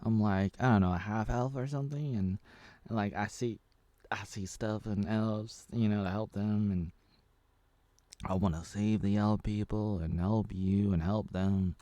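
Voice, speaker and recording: A man voicing an earnest, boastful male elf who rambles in a loud voice. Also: fairly low pitch, steady tone, a little slow, no echo, close to an everyday voice.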